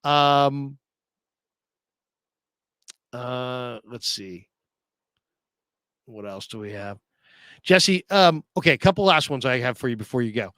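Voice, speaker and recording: A man's voice: mid-range voice, lively intonation, slow, pauses often, fairly bright tone, smooth, dry recording. A man hosting a casual sports talk show, reading viewer comments aloud and laughing often.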